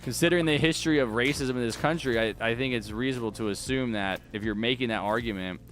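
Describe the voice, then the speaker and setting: A man's voice: medium pitch, quick pace, fairly bright tone. A young man streaming a game at home, talking casually into a desk mic and arguing back at his chat with rambling restarts. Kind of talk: live-stream chat while gaming.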